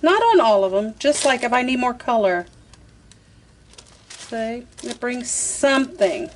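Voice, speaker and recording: A woman's voice: fairly high pitch, lively intonation, measured pace, a little hiss or hum. A woman, chatting her way through a craft tutorial, talking to herself as she works. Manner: chatty, talks to herself while working, says "y'all". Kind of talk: casual step-by-step craft tutorial.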